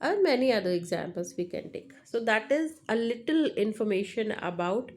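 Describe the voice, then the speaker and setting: A woman's voice: on the high side, big pitch swings, moderate pace, darkish tone. A woman teaching a lesson on phonology, repeating examples and checking in with "right?". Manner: repetitive, checks understanding with "right?". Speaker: English teacher. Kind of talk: lecture explaining linguistics.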